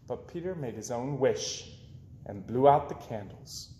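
A man reading children's picture books aloud in an expressive storytelling voice. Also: mid-range voice, measured pace, reverberant, slight background noise. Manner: expressive, with swoops up and down. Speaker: children's book reader.

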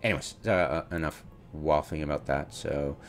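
A man's voice: rumbling low, moderate pace, soft background music. A man commenting on his own gameplay, mocking his mistakes, laughing often and acting out his inner voice. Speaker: gamer streamer.

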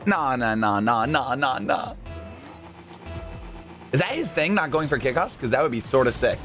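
Soft music plays beneath a man speaking at normal speed as he hosts a gaming video. He narrates the gameplay live and excitably, moving from easy chatter to sudden high yelps.

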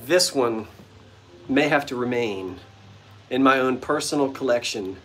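On an old bungalow's front porch at sunset, a man running a vintage-goods live stream jokes and chats playfully with his viewers. He speaks unhurriedly in a bit-bright mid-range voice, pausing often, with a little hiss or hum present.

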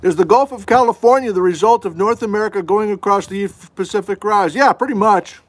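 A man's voice: high-pitched, brisk. A middle-aged man teaching geology in a casual livestream from home, answering viewer questions with folksy, self-deprecating asides. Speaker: geology instructor hosting a livestream. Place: at home, indoors.

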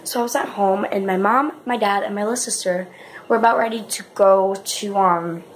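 Woman vlogger, mid-range pitch, chatty rambling delivery with restarts, a faint hiss behind her. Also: fairly even intonation, moderate pace. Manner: chatty, says "guys" constantly, rambling with restarts. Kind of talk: casual vlog chat.

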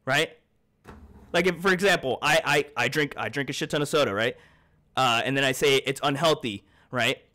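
A man's voice: medium pitch, moderate pace, bright, forceful tone. A man streaming a video game, talking to his chat in a rambling, profane way, heated and then apologetic. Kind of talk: live-stream chat while gaming.

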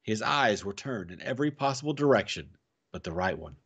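A man reading a classic adventure novel aloud for families, with a dramatic, expressive delivery. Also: fairly low pitch, brisk, slightly rough. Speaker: storyteller.

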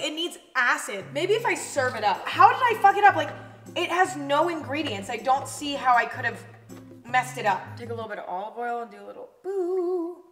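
A woman's voice: fairly high pitch, fairly bright tone. Chatty young woman vlogger. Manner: chatty, swearing, lots of "like". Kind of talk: casual vlog chat.

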